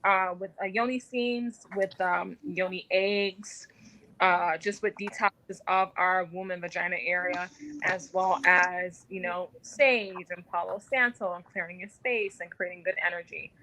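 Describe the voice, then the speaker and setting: Brief: actress guest, woman, bright voice, chatty with fillers. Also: lowish voice, steady tone, measured pace, rough recording. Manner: talkative, many fillers. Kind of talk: casual radio interview.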